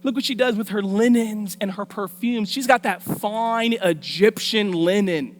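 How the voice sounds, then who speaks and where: Lively, slangy woman preacher. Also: medium pitch, measured pace. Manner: lively, colloquial, street-smart. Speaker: guest preacher. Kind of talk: storytelling sermon. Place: church.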